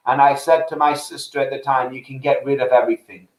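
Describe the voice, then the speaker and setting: A man's voice: mid-range voice, level tone, quick pace, roomy sound, poor audio. A man hosting a casual chat about faith, telling anecdotes and acting out the people in them. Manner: chatty storyteller, acts out quoted voices.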